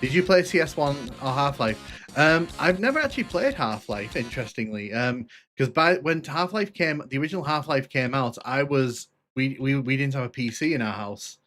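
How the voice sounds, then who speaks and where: A man's voice: medium pitch, lively intonation, normal speed, a bit bright, faint music behind. Rambling man streaming live gameplay. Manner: rambling, hesitant, many restarts and fillers. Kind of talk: casual live gameplay commentary.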